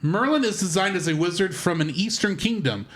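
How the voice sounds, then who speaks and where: A man co-hosting a film podcast, reading out a plot summary and trivia in a steady read-aloud way with small slips. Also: sits high, fairly quick. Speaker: podcast co-host.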